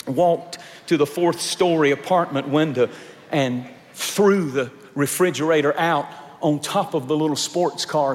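Guy preaching, kinda high voice, big hall echo, builds up to loud points. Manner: storytelling, rising to emphatic peaks. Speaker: pastor. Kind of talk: sermon.

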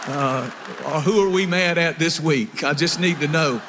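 Joking preacher in an echoing hall. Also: male voice, a little high, normal speed, fairly bright tone, some chatter behind, slight background noise. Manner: humorous storytelling, preacherly. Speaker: pastor. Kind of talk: sermon. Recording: long hall reverb.

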